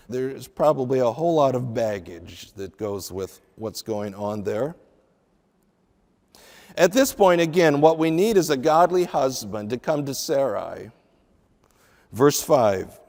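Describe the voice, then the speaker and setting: Slow, earnest male preacher in a hall. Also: on the high side. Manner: expressive Bible teaching with acted-out dialogue. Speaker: pastor. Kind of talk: sermon.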